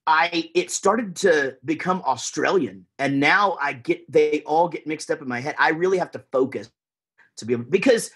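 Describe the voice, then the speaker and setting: A man's voice: fairly high pitch, moderate pace, fairly bright tone, breathy edge. A man with a Texan accent, chatting casually as a podcast guest, rambling with lots of fillers and restarts. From Texas, USA.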